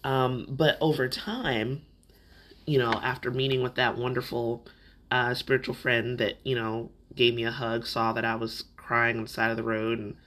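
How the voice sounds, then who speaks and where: A man with a bright, forceful voice shares a personal story on his podcast. He talks candidly and reflectively, in a loose conversational flow. His pitch sits in an ordinary middle range for a man. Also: flat delivery, normal speed, a little hiss or hum. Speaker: podcast host.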